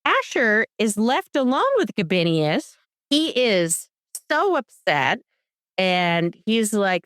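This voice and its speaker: Taking her time, a woman with a mid-range voice co-hosts a podcast in a dry recording with clean studio sound. She recaps a TV episode in relaxed conversation, acting out characters' lines as an animated storyteller.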